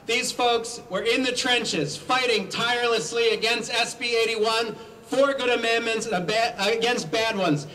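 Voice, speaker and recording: A man giving a rousing rally speech as a politician, leading the crowd in shouted chants. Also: extremely high pitch, unhurried. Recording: distant mic, crowd and ambient noise.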